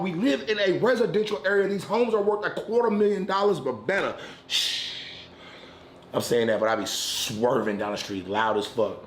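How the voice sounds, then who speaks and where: A man hosting his weekly smoke-session stream, telling a wild story in a casual, profane, animated way from home. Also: high voice, moderate pace, roomy sound, a little hiss or hum. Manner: profane, animated storyteller who turns loud and excited at the climax. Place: at home in a residential area.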